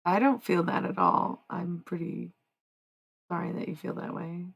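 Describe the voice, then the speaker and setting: A woman's voice: on the low side, steady tone, moderate pace, gravelly, slightly rough, low-quality recording. A woman livestreamer in rambling casual chat, meandering and answering her chat as she goes. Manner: meandering, talks to chat, trails off.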